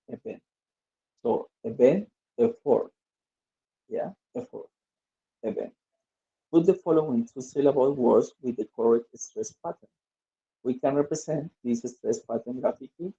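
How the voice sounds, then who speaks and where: A man's voice: medium pitch, vocal fry, dark tone. A male English teacher, reading exercises aloud and drilling word stress in an online lesson. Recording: dull lo-fi audio.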